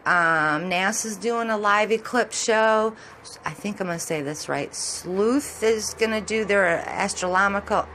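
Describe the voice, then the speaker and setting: A woman's voice: medium pitch, measured pace, pushed and bright, slight background noise. A middle-aged woman with a Michigan accent and Southern touches, chatting casually and rambling as a vlogger while commenting on sky photos, laughing often.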